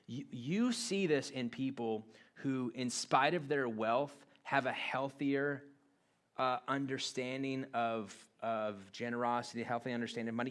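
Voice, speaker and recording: A man preaching a sermon to a church congregation. His voice sits at an ordinary middle pitch, and he talks in a loose, conversational way rather than a formal one, as if chatting with the people in front of him. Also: fairly bright tone. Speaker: pastor. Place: church auditorium.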